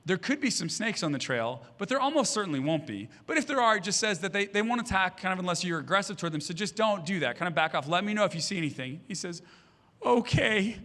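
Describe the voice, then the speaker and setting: On a church stage, a pastor in his thirties preaches with a high-leaning, bright, forceful voice. He fills the sermon with funny family stories, mimicking the voices of those he describes.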